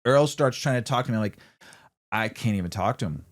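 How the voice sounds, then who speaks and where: A man's voice: fairly low pitch, animated, fairly quick. A man co-hosting a podcast, telling a rambling story in casual chat, swearing freely and acting out what he said. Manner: rambling, swears often, acts out his own lines. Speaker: podcast co-host.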